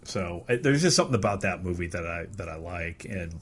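A man's voice: deep voice, animated, fairly quick, husky. A man from Erie, Pennsylvania, chatting casually as a podcast co-host, meandering and searching for his words. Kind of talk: casual chat about movies.

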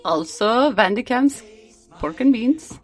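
A woman co-hosting a comedy podcast who teases her partner with dry, quick comebacks. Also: fairly high pitch, lively intonation, faint music behind. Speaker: podcast co-host. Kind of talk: joking casual chat.

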